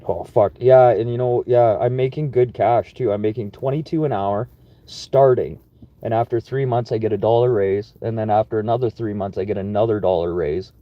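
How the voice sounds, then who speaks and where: Brief: young Manitoba man, low voice, casual profane vlog chat, dull lo-fi sound. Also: fairly even intonation, normal speed, dry recording. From Manitoba, Canada. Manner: profane, laid-back and chatty. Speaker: construction worker vlogging. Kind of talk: casual rambling monologue.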